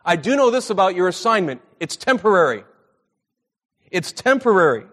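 High-voiced preacher in a reverberant hall. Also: male voice, sing-song, moderate pace, a bit bright. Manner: conversational storytelling preaching, repeats for emphasis. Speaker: pastor. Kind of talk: sermon. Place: church meeting room.

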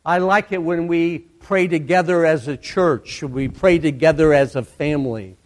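A male pastor preaching a sermon, reading scripture aloud and repeating key phrases for emphasis. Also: a little high. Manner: slow, deliberate reading of scripture with emphatic repetition.

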